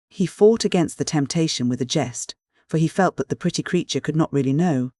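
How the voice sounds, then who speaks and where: Male audiobook narrator, steady literary reading, dry close mic. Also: fairly high pitch, fairly quick, few pauses, no echo.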